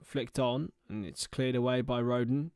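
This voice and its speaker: A man's voice: mid-range voice, fairly even intonation, normal speed, darkish tone, smooth, no echo, studio quality. A young man giving casual livestream football commentary, mixing play-by-play with rambling, chatty asides. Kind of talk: casual watchalong match commentary.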